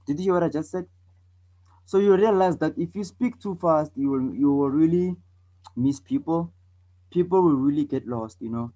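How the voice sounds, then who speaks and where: This debate lesson comes from a South African man whose voice sits fairly high, and the recording is rough. Demonstrating speech that is loud and soft, fast and slow, he repeats himself and frequently checks in with "okay?" and "all right".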